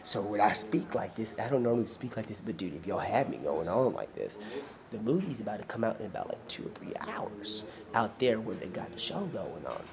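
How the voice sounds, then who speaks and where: Deep-voiced man rambling in a car. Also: big pitch swings, a little fast, a crowd in the background. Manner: rambling, jumps between voices and whispers. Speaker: livestreamer. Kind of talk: improvised rambling storytelling on a livestream. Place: in a car while driving. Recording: clear background noise.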